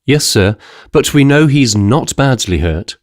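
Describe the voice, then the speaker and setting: A man's voice: mid-range voice, lively intonation, a little slow, no room sound, clean studio sound, natural voice. A man voicing a respectful young male messenger who keeps addressing his listener as sir, in an audiobook. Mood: urgent, respectful. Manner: deferential, keeps saying sir.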